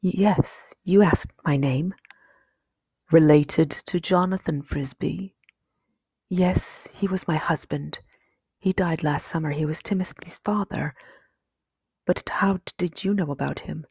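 A woman reading aloud, voicing a timid, worried widowed mother mouse who speaks softly and anxiously. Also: sits low, takes it slowly, long pauses, slightly rough, no room sound, full character voice. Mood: frightened. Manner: soft, anxious and pleading.

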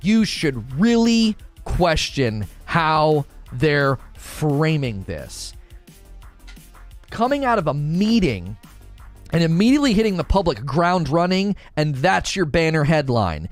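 A man giving heated live-stream commentary, indignant and sarcastic, often mocking others in hushed put-on voices. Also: a little high, big pitch swings, unhurried, soft background music. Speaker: streamer commenting on industry news.

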